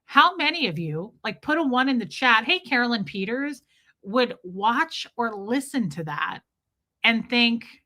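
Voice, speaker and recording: A woman hosting a livestream, chatty and animated, greeting viewers in chat by name as she comments. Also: a little high, measured pace. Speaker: host, livestreamer.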